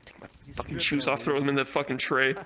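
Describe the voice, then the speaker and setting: Bright-voiced young man telling a profane comic story. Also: mid-range voice, fast. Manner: rambling, heavy swearing, animated. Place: virtual reality comedy club.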